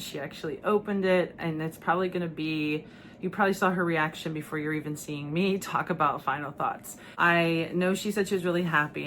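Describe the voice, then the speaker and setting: A woman book vlogger talking casually and reflectively, relaxed and chatty. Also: low voice, a little hiss or hum. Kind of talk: casual vlog talk.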